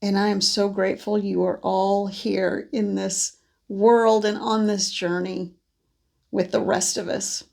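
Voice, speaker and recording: Female card reader, mid-pitched, vocal fry, allergy-congested; soft, wandering delivery with pauses. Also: flat delivery. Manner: gentle, meandering, with many pauses and restarts. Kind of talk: spiritual message monologue.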